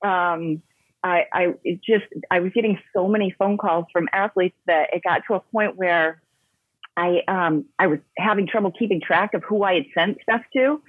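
A woman's voice: medium pitch, breathy edge, no room sound. A woman, a yoga coach who works with professional athletes, telling stories as an interview guest in an emphatic, chatty way, with many fillers and restarts. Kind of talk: casual interview storytelling. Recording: dry, phone-like narrow sound.

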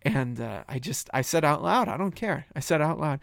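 A man co-hosting a podcast, telling stories in an animated way, laughing often and acting out what people said. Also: fairly high pitch, normal speed, gravelly, no echo, clean studio sound. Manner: animated storytelling, laughs often, acts out quotes. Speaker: podcast co-host. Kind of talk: casual chat.

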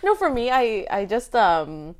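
A young woman from Vancouver chats casually, lively and quick to laugh. Her pitch swoops widely as she talks, with frequent restarts as she gathers her thoughts. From Vancouver, Canada. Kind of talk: casual chat.

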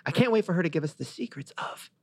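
A man hosting a podcast, chatting in an animated, gossipy way and swearing freely. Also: fairly high pitch, fast, slightly rough, dry recording. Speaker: podcast host. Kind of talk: casual chat.

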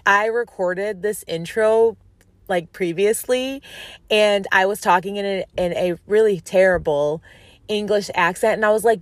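A woman's voice: on the high side, no room sound. Chatty woman podcaster in her thirties. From upstate New York. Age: 30s. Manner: chatty, laughing, self-mocking, lots of fillers. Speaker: podcast host. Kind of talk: casual solo podcast chat.

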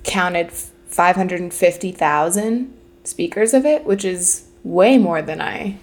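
A woman's voice: lowish voice, slow pace. A young adult woman co-hosting a casual podcast chat, talking loosely with many fillers. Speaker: podcast co-host.

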